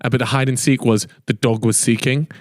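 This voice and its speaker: A man hosting a podcast, chatting in a relaxed, teasing, banter-filled way. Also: mid-range voice, fairly quick, no echo, clean studio sound. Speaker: podcast host. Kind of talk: casual podcast chat.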